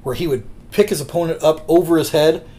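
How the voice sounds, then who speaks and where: Telling wrestling tales on a podcast, this male co-host rambles through anecdotes and voices the quotes himself in relaxed, chatty storytelling. He speaks a little fast in a mellow, slightly high voice.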